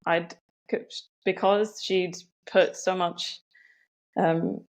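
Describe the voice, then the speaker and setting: A woman's voice: lowish voice, little pitch movement, drawn-out words. A young woman telling a personal story as a podcast guest, reflective and full of "um" and "like". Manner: reflective, many "um" and "like" fillers.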